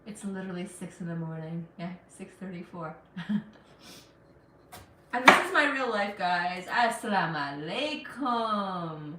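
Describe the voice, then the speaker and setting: A woman's voice: medium pitch, lively intonation, measured pace, distant mic, background noise. A woman from Afghanistan hosting a casual cooking live stream in her kitchen. She chats along and reads out and answers viewer comments. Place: home kitchen. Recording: roomy kitchen sound, mic set back.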